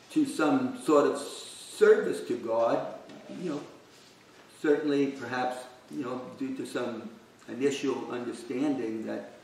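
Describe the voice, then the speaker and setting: A man giving a devotional scripture class in a conversational way, full of "you know", then reading a passage aloud slowly and deliberately. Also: medium pitch. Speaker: class speaker. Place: temple hall. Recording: echoey room, distant mic, faint noise.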